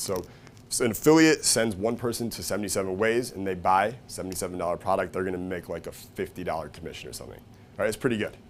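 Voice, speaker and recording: A man giving a casual, profane seminar talk to a live audience, often checking in with "right?" and "okay?" and acting out quoted people with sudden loud, high bursts. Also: a little hiss or hum. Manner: acts out quoted voices with big jumps in pitch and volume. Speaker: seminar speaker.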